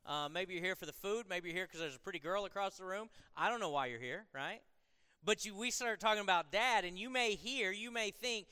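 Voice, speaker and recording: A man with a high, bright voice preaches a sermon, talking with the congregation in a casual way before building into strong, repeated phrases. His voice comes through clean and close, with a long reverb from the hall trailing behind it. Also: fairly quick, clean tone. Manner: conversational, building to emphatic repetition. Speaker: pastor.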